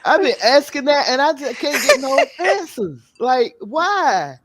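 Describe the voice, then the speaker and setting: A man co-hosting a casual podcast, chatting and reading an article aloud with animated exclamations. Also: extremely high pitch, a little slow, background noise. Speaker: podcast co-host.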